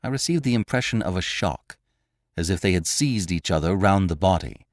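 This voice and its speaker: A man, host of a classic-story podcast, reading a novel aloud with dramatic, expressive storytelling. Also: sits low, normal speed, no echo, clean studio sound. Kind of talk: audiobook narration of a classic novel.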